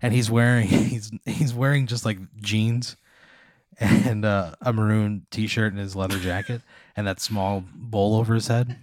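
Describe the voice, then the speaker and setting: Homem rindo à toa como mestre de jogo. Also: male voice, on the low side, steady tone, unhurried, darkish tone, no room sound. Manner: loose, rambling with many fillers. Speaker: game master. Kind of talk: narrating a comedic role-play game.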